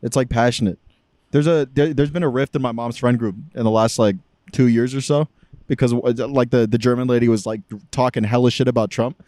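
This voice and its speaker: Fast-talking young man, laid-back. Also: mid-range voice, fairly even intonation, dark tone, no room sound. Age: young adult. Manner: laid-back, profane storytelling. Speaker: podcast co-host. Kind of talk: casual chat.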